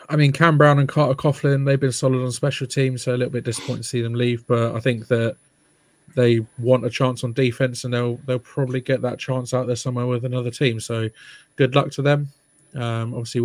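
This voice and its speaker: A man co-hosting a sports podcast, talking in a measured way with frequent ums. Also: medium pitch, dry recording. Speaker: podcast co-host. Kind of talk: casual sports chat.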